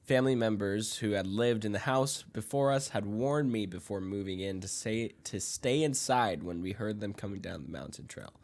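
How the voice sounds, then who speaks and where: Young male podcast host, lowish voice, reads a ghost tale from notes and trips over names. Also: moderate pace, creaky, hardly any pauses, darkish tone. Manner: reads from notes, stumbles over Hawaiian names, laughs often. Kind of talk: reading a ghost story aloud, casual chat.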